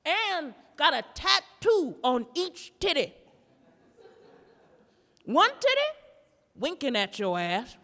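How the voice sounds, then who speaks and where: A woman performing a standup comedy routine live, telling a story in a brash, profane, animated way. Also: sits high, takes it slowly, long pauses, big-room sound. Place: live performance in a gallery space.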